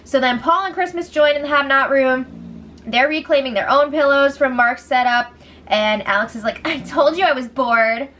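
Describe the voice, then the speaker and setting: A high-voiced woman running through a casual reality show recap. She talks with a sarcastic edge, laughs often and mocks the people she quotes. Faint noise sits under her voice. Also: moderate pace, a bit bright.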